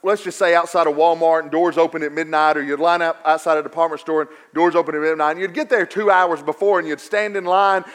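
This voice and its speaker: A man preaching a sermon, swinging from quiet stretches to raised, emphatic repetition. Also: fairly high pitch, steady tone, fast, few pauses. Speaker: pastor.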